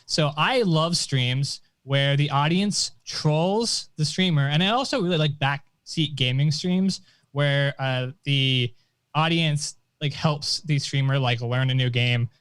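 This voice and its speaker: A man co-hosting a casual chat about streaming, speaking thoughtfully with pauses. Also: on the high side, fairly bright tone, smooth, dry recording. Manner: thoughtful, with fillers and restarts. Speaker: co-host.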